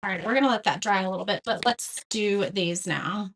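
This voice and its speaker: A woman hosts a live craft tutorial, chatting casually in a medium-pitched, slightly bright voice at a fairly quick pace. She reads viewer comments aloud and laughs at her own mistakes in a self-deprecating way.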